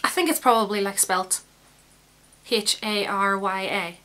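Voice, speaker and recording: Bright rambling Northern Irish woman vlogger. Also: mid-range voice, measured pace. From Northern Ireland. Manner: rambling, self-mocking, laughs often. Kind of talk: casual chatty vlog.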